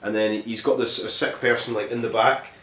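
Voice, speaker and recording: A man's voice: on the low side, level tone, fairly quick, fairly bright tone. A man casually retelling a film's plot as a reviewer, rambling and swearing, with lots of "like" fillers. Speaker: film reviewer. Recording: roomy echo.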